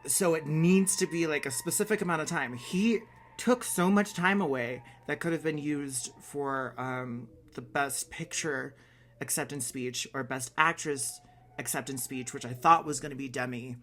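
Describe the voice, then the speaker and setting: A man's voice: a little high, normal speed, a bit bright, a little hiss or hum. Blunt, opinionated man vlogging. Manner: swears casually. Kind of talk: casual reaction vlog.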